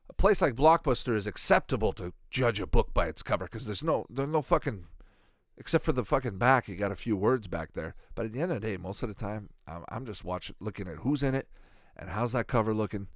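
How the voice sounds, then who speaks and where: This reaction video host, a man in his thirties, has a fairly low, animated voice and talks a little fast. Watching a cartoon, he offers meandering, profane, joke-filled commentary captured in a dry, studio-quality recording.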